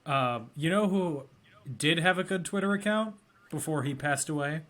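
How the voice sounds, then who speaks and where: A man hosting a podcast in casual chat, asking questions in a dry, measured way. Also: on the high side, fairly bright tone. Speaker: podcast host.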